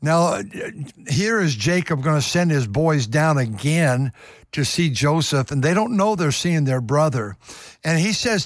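A man's voice: fairly high pitch, expressive, a little slow, dry recording, studio quality. A man preaching a sermon, reading verses aloud and repeating phrases with emphatic rising emphasis.

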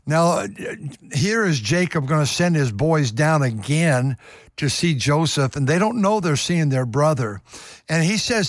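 A man's voice: lively intonation, unhurried, no room sound, studio quality. A man preaching a sermon with fervor, repeating words and lifting his voice for emphasis. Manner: fervent, rising to a high pitch for emphasis, repeats words.

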